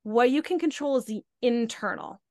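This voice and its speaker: A woman's voice: fairly high pitch, expressive, moderate pace, a little mellow, no echo. Chatty woman host, dry sound. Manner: chatty, filler-heavy, frequent "like" and "right?". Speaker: podcast host. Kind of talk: casual chat.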